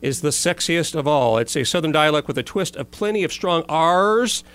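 Man, co-host, casual chat, animated, reads items aloud, slightly high voice. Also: brisk, smooth, no echo. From Florida. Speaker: radio show co-host.

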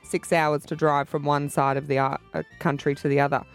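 A woman's voice: low-pitched, little pitch movement, fairly quick, faint music behind. A woman co-hosting a radio show, playful and teasing in banter. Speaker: radio co-host.

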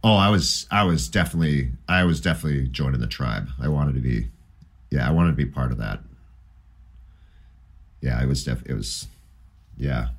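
A middle-aged man chatting casually about music, rambling and animated, often laughing as he remembers. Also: extremely low pitch, moderate pace, gravelly, long pauses.

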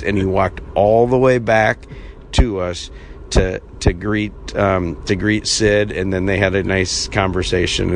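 A man's voice: fairly low pitch, a little hiss or hum. A man working in team public relations, telling a story in an interview and restarting his sentences often. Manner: rambling anecdote with many restarts. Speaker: team PR director.

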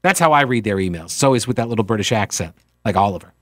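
A man hosting a political talk radio show, commenting with mocking, wry sarcasm and lively interjections. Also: lowish voice, rapid-fire, dry recording, studio quality.

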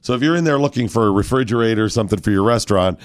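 A hoarse man hosting a morning radio talk show, telling animated stories and acting out what other people said. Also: lowish voice, rapid-fire, no echo, studio quality. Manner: animated storyteller, acts out other people's lines.

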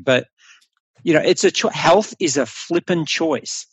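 Blunt Australian man, animated coach talk. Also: fairly high pitch, measured pace, husky, no echo. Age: middle-aged. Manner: blunt, animated, swearing freely. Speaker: health coach guest. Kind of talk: casual podcast conversation.

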